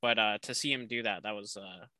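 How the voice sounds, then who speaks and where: Male co-host, loose and chatty, sharp bright tone. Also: lowish voice, fairly quick, no room sound. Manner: relaxed, full of fillers like "uh" and "like". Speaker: podcast co-host. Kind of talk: casual chat reviewing a TV series.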